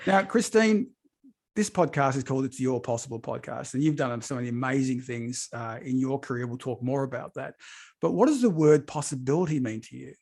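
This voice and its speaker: A man's voice: mid-range voice, animated, fairly quick, vocal fry, a little mellow. A middle-aged man hosting a podcast interview, effusive and upbeat, often repeating his praise. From Australia. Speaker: podcast host. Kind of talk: enthusiastic interview chat.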